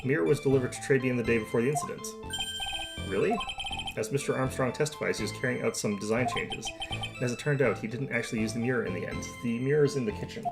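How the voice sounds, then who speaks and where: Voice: mid-range voice, fast, natural voice. A streamer reading a flustered young defense lawyer. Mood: wry. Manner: wry inner monologue, mildly exasperated. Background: loud game music.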